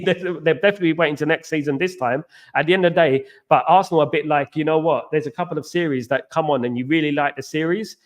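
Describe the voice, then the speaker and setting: On a casual live stream, an English man goes through viewer comments and responds, full of animated banter, repetition and slang shout-outs. His pitch runs a little above most men's.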